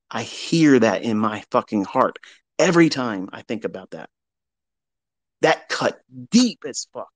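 A fairly low, expressive male voice, a little slow, with no echo. The middle-aged speaker is a trading mentor offering a candid motivational talk, blunt and profane, pairing heavy emphasis with confessional reflection.

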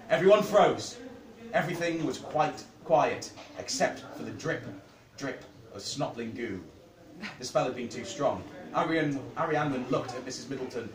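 A man reading a children's story aloud to an audience, with a dramatic, expressive delivery. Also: fairly high pitch. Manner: expressive, dramatic reading with big vocal swings. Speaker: reader. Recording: echoey room, distant mic, audience.

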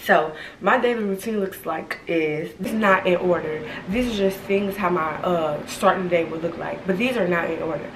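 A woman's voice: fairly low pitch, moderate pace, few pauses, background noise. A young woman, rambling through a candid vlog at home, her speech slightly slurred by retainers. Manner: rambling, frequent "like" and "y'all". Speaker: vlogger. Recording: echoey room, distant mic.

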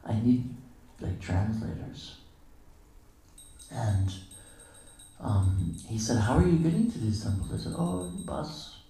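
Male lecturer, low and dark-toned, relaxed storyteller who acts out quotes; very echoey, distant hall recording. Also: takes it slowly, pauses often. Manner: casual storytelling, acting out quoted dialogue with chuckles. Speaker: guest lecturer at a temple. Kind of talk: anecdotal morning lecture. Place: temple hall.

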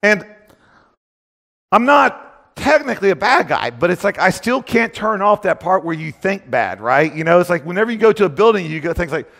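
A man's voice: high voice, very animated, normal speed, gravelly, a bit bright. A man giving a casual, joking storytelling talk at a conference, rambling and full of filler phrases. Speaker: conference speaker. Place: conference hall stage. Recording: long reverb of a conference hall.

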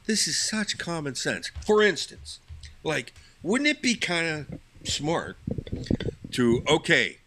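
Brief: male podcast sidekick, bright and lively, dry teasing reactions. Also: a little high, takes it slowly. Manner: teasing, reacting with short interjections. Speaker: podcast co-host. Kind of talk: casual chat.

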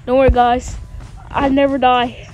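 A woman hosting a gaming channel, giving excited gameplay commentary with dramatic yelps and pleas for help. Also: sits high, a little slow, dull audio, faint music behind.

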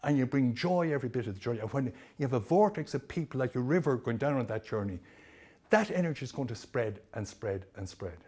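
A middle-aged Irish man giving an animated storytelling presentation at a training day, acting out the people he quotes. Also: medium pitch, fast. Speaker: motivational speaker.

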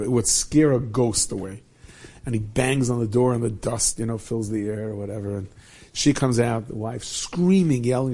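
Dark-voiced man telling a story. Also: medium pitch, husky. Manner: animated storyteller, Yiddish and Hebrew words. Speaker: rabbi and storyteller. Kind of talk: storytelling talk.

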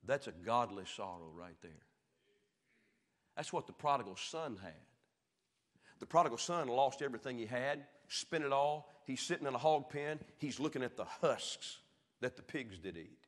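A man with a Southern American accent preaching a sermon as pastor, swinging from shouted peaks down to low, quiet lines. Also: expressive, normal speed. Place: church sanctuary. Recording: echoey church hall.

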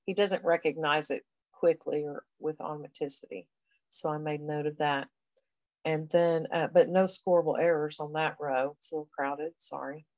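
A woman's voice: sits low, steady tone, moderate pace, darkish tone, dry recording, lo-fi sound. A woman education professor giving a conversational recorded lecture, explaining things step by step with frequent fillers. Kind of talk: recorded lecture walking through a reading assessment.

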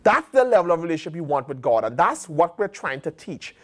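A man preaching a sermon in a colloquial, animated way, acting out bits of dialogue. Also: fairly high pitch, fairly quick. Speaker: pastor.

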